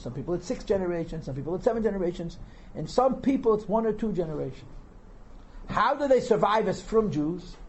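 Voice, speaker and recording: A man's voice: high-pitched, mellow, rough recording. A man teaching a text class as a rabbi, translating line by line and asking rhetorical questions. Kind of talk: lecture on Torah text, reading and translating.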